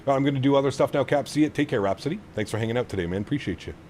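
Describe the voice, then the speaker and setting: A man's voice: medium pitch, rapid-fire, a little mellow, slight background noise. A man streaming a flight simulator, chatting casually with his viewers and cooing at his dog. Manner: chatty, reads chat aloud, coos at his dog. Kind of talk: casual live-stream chat.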